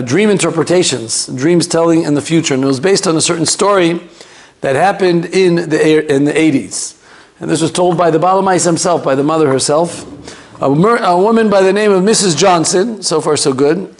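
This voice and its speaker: A man's voice: a little high, creaky. A man teaching a Torah class as a rabbi, rambling and digressing, sprinkling Hebrew and Yiddish terms and chatting with the class.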